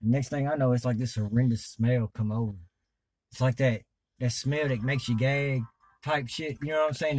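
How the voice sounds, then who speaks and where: Stoned man, mid-pitched, rambling crude storyteller, slight background hiss. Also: steady tone, moderate pace, darkish tone. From US South. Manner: rambling, profane, laid-back drawl. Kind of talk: crude storytelling in casual chat.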